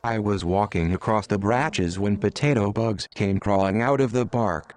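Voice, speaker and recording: A man's voice: fairly low pitch, normal speed, darkish tone, a little hiss or hum, lightly acted. A man voicing a stubborn boy leader. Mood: commanding. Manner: blunt, commanding.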